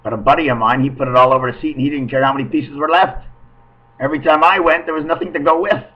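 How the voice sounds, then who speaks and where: A man talking straight into a webcam at home, rambling from one thought to the next. His voice drops to low murmurs and then jumps to loud bursts. The webcam audio sounds dull and muffled. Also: steady tone, quick pace. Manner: rambling, free-associating, swings between murmuring and loud outbursts. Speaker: webcam vlogger. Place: at home, indoors.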